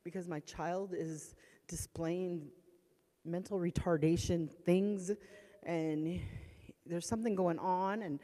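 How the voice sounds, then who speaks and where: A woman's voice: fairly low pitch, takes it slowly, mellow. Woman telling an emotional church testimony. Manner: emotional storytelling, reenacting past panic. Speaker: church speaker sharing a testimony. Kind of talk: personal testimony. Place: church hall. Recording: long church hall reverb.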